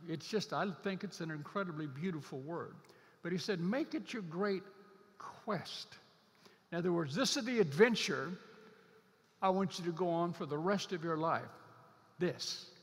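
A man's voice: a little high, moderate pace. Earnest male preacher, reverberant hall. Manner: earnest, stretches out key scripture words for emphasis. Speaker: pastor. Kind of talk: sermon.

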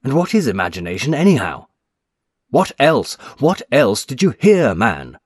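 A man's voice: medium pitch, huge pitch swings, normal speed, breathy edge, dry recording, studio quality, pitched above the performer's own voice. A man reading aloud voices a frightened middle-aged businessman who talks in raised, breathless urgency. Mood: frightened, urgent.

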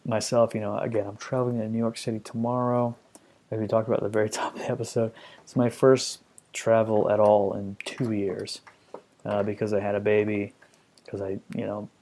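This podcast host, a man in his thirties with a lowish, darkish voice, reacts to reviews in a comedic rant. His commentary is profane and sarcastic throughout.

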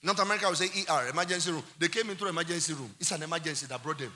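A male pastor with a Nigerian accent delivers an animated sermon, dropping into quiet asides and rising to shouted climaxes. His voice sits high and sounds bright and sharp. A long reverb from the church hall trails every phrase. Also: rapid-fire.

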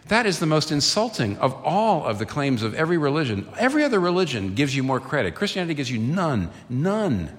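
A man's voice: mid-range voice, huge pitch swings, fast, hardly any pauses. A man preaching a sermon as pastor, earnest and building to emphatic peaks. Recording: long reverb of a church hall.

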